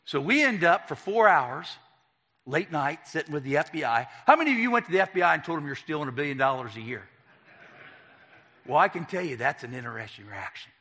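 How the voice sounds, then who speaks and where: A man giving a personal testimony, animated and acting out each exchange. His voice is bright and forceful and sits a little high. It rings out in a large hall with a long reverb tail. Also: a little fast, husky. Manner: animated storyteller acting out dialogue. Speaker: speaker telling his life story.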